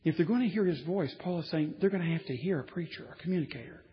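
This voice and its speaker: High-voiced preacher in an echoing hall. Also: male voice, quick pace, dull audio. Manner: conversational, building to emphatic, with wry asides. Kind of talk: sermon.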